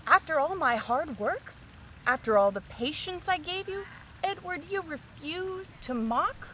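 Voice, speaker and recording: A hearty father mockingbird booms out his lines in a lowered, rounder voice, as a woman reads him aloud. He is warm but stern, scolding when crossed, and the storybook reading moves slowly and deliberately. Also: animated, slight background noise, full character voice, low-quality recording. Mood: angry. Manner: hearty, booming, turns scolding.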